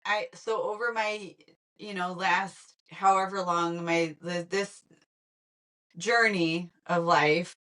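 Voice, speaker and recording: A woman guest in a casual conversation, lively and laughing often, trailing off mid-sentence. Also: fairly low pitch, slow.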